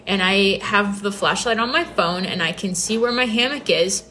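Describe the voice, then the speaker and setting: Bright-voiced young woman telling a story. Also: mid-range voice, moderate pace, slight background noise. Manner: chatty, lots of 'like' fillers. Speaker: podcast host. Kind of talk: casual storytelling.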